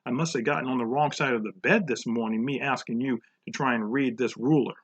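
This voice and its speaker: A man's voice: brisk, natural voice, low-quality recording. A man voicing a stern, short-tempered female schoolteacher who scolds in a raised, mocking voice. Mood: apologetic. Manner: snapping, mocking, high-pitched scolding.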